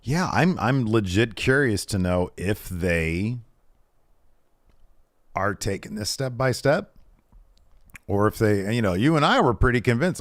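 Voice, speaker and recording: A man co-hosting a wrestling recap podcast in a loose, chatty way. His pitch swings widely as he talks, and he often restarts his sentences while he thinks aloud. The sound is dry and close to the mic. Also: unhurried, pauses often, dry recording. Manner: animated storyteller, uncertain musing with frequent restarts. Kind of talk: casual recap chat.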